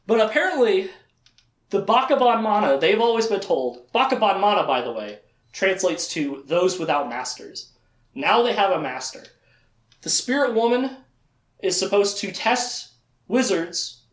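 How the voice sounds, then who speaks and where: Here is a man with a high voice giving a casual, joking lecture that walks through a fantasy story. He chats along loosely, laughs often, and fills his sentences with "like." The room around him sounds roomy and echoey. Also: very animated, moderate pace. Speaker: presenter recapping a book series.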